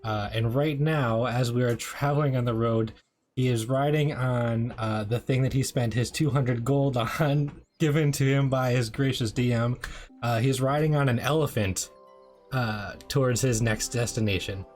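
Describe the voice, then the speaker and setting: A man's voice: medium pitch, moderate pace, darkish tone. A man playing a tabletop game, describing his character in a rambling, hesitant way. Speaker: player. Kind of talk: casual tabletop chat. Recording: faint background music.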